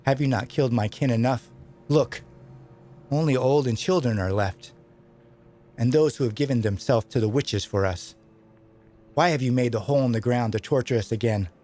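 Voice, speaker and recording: A man's voice: medium pitch, moderate pace, pauses often, dark tone, faint music behind, lightly acted. A man voicing a monstrous winged woman who speaks in a guttural, bitter way, at a tabletop game. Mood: bitter accusing. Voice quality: guttural, spitting the words out.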